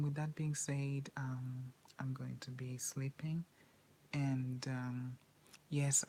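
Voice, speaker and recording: A woman's voice: a bass voice, a little mellow, a little hiss or hum, rough recording. A woman vlogger in a whispered personal monologue, talking in a rambling, repetitive and anxious way.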